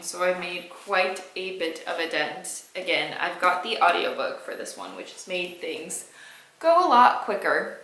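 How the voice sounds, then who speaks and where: A woman's voice: on the low side, pushed and bright, roomy sound, poor audio. A woman in her twenties talking casually in a reading vlog, frank and exasperated, swearing freely as she gives her opinions. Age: 20s. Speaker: book vlogger.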